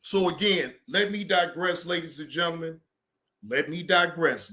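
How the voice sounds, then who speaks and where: Male streamer, high-pitched and tense, swearing and venting, then reining it in. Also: unhurried. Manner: heated, repetitive, keeps telling himself to calm down. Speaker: livestream reaction host. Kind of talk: profane livestream rant.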